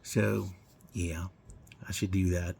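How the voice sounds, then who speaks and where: Slow-talking guy in his 40s rambling in his garage, cussing a lot. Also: sits low, little pitch movement, creaky, darkish tone, husky. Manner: rambling, swears often, chuckles. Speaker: garage vlogger. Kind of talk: casual rambling vlog. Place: home garage.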